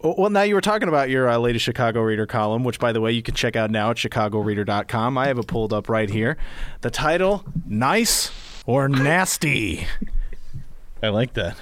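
A male co-host on a casual political talk show. He sounds joking and relaxed and uses slang freely. His voice sits at an ordinary middle pitch. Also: quick pace, clean tone, no echo.

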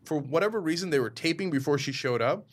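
A man being interviewed on a podcast, talking in an emphatic, quick way and breaking often into mimicry and laughter. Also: a little high, animated. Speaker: interview guest, media founder. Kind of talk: animated podcast conversation.

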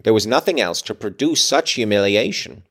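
A man reading a classic novel aloud in an expressive, dramatic way, with his own asides. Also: on the low side, moderate pace. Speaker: reader. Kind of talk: audiobook reading with commentary.

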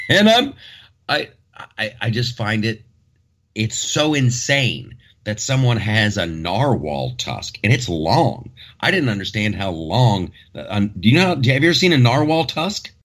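A man's voice: lowish voice, very animated, measured pace, fairly bright tone. A man hosting a podcast in casual chat, rambling and joking as he talks through the news. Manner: rambling, joking, many restarts. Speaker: podcast host.

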